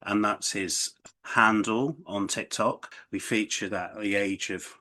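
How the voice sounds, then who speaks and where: Halting, chatty man with a lowish voice. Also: fairly even intonation, bright, forceful tone. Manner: chatty, halting with many restarts and fillers. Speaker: podcast co-host. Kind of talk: casual chat.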